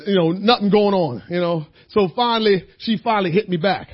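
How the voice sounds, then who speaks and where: A man's voice: sits high, fairly quick, breathy edge. A middle-aged man preaching a sermon in church, telling his own story in a loose, conversational way, often repeating his words. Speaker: pastor. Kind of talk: sermon with personal testimony. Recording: dull lo-fi sermon recording.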